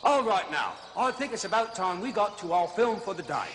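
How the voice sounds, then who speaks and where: A man's voice: sits high, big pitch swings, a little fast, fairly bright tone, a little hiss or hum. An actor playing a chattering, chuckling male zookeeper who hosts zoo films, a little out of breath, in a TV comedy sketch. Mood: chummy. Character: jolly blustering male zookeeper safari host. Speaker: zoo film host.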